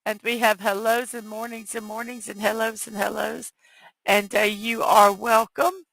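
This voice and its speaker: A woman hosting a morning livestream in casual chat, her voice scratchy and hoarse, reading viewer messages aloud through a headphone mic. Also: a little high, little pitch movement, moderate pace, a bit bright, dry recording. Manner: reads viewer chat aloud, chatty and apologetic. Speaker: morning show host.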